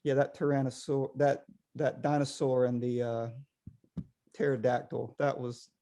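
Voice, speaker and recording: A man's voice: mid-range voice, measured pace. A middle-aged man, a potter, chatting casually over a video call, rambling with many restarts. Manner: rambling, animated, lots of restarts.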